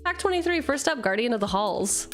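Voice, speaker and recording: With music playing behind her, a woman streamer talks a little fast in a fairly high, lively voice. She opens card packs, reads the cards aloud and pokes fun at herself, swearing freely and jumping between jokes and reading.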